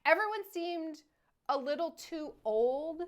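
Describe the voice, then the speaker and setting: A woman co-hosting a casual film review conversation, her voice sitting a little high. She is animated and keeps slipping into silly voices to act out lines from the film. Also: takes it slowly. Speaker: podcast co-host, movie reviewer. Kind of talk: casual chat.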